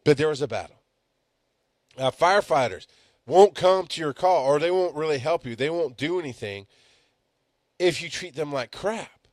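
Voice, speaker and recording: A man teaching as a paramedic instructor, telling stories bluntly and swinging between loud emphasis and quiet asides. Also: a little high, animated, normal speed, pauses often, no echo. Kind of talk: storytelling lecture.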